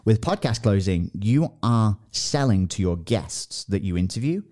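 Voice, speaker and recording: A man in his thirties co-hosting a podcast, telling a story in casual chat and acting out quotes with excitement. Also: measured pace. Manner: animated, acts out quotes in a high excited voice. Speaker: podcast co-host.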